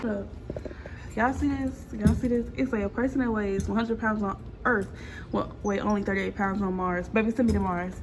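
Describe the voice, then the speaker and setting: A woman's voice: mid-range voice, fairly even intonation, moderate pace. A woman filming a casual family vlog while walking around a public attraction, teasing and laughing as she talks to the camera. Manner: playful, teasing, laughs often. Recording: noisy handheld phone audio.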